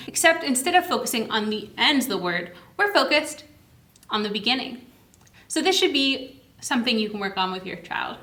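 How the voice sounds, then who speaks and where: A young woman who works as a children's librarian walks parents through early reading games. Her voice is bright and sits a little high, and she stays cheerful as she sounds out each word slowly and clearly. She was recorded on the camera mic at a table in a library room. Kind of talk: instructional video for parents.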